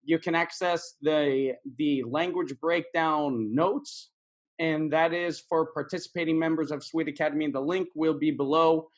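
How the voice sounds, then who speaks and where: A man's voice: on the high side, fairly even intonation, a little slow. A man teaching English in a casual video lesson, repeating words and phrases for practice.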